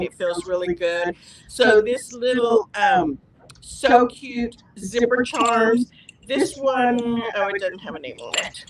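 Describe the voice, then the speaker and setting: A woman's voice: medium pitch, rough recording. A woman hosting a live fabric store product demo, chatty and gushing.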